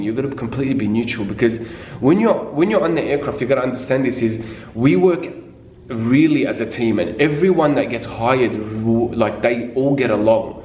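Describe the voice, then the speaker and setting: A young man talks through interview advice in a loose, blunt vlog manner, slipping into mock voices and the odd curse. His mid-range voice rings in an echoey room. A faint hum sits underneath. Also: mid-range voice. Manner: blunt, animated, acts out mock quotes; swears casually. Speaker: vlogger giving cabin crew interview advice.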